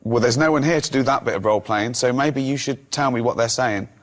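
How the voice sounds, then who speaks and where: Man, host, teasing, playful, mid-pitched voice. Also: brisk. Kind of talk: casual comedic chat.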